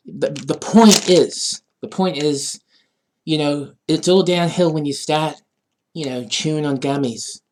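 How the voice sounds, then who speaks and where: A man vlogging a rambling, absurd comic rant, with many fillers. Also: mid-range voice. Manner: rambling, absurd, full of "you know". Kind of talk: casual comedic rant.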